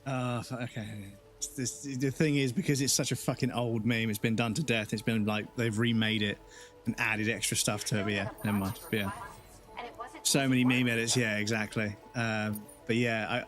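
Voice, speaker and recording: A man's voice: mid-range voice, little pitch movement, moderate pace, fairly bright tone. Swearing, rambling male game streamer. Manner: rambling, swears a lot, laughs while telling stories. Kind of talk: casual live-stream chat while gaming. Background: game music.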